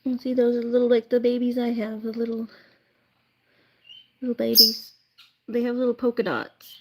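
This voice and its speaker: Woman vlogger talking sweet baby talk to chicks, pretty high voice. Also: little pitch movement, normal speed, noisy background. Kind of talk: casual chat to baby birds. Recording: loud chirping chicks behind. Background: chirping chicks.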